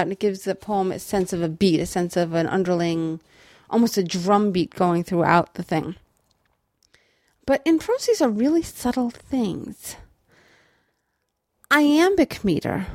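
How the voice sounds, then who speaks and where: A woman's voice: medium pitch, darkish tone, no echo, studio quality. A woman teaching writing, explaining patiently with small restarts and tapping out rhythms as she goes. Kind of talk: explanatory lecture on prose rhythm.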